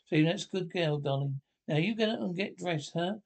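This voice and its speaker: A devoted husband and father, read by a man from a radio drama script. His tone is plain and fairly high. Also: moderate pace, gravelly. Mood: gentle. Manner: reads stage directions aloud before lines.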